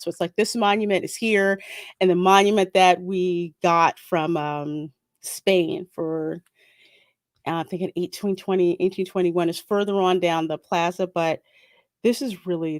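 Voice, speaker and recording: A woman's voice: fairly low pitch, dry recording, studio quality. A woman hosting a casual livestream, chatting and reading out viewer comments. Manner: chatty, reads out viewer comments, bursts of laughter. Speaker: livestream host.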